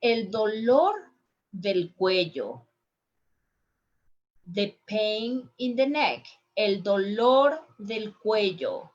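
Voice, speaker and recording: A woman teaching Spanish to healthcare workers, saying each word slowly three times for listeners to copy. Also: mid-range voice, animated, muffled recording. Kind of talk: language lesson for healthcare workers.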